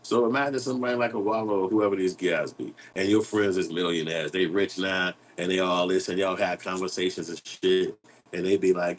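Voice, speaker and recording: A man's voice: deep voice, fairly quick, low-quality recording. A man hosting an online commentary show, talking in a blunt, profane, rambling street style while reading and answering chat.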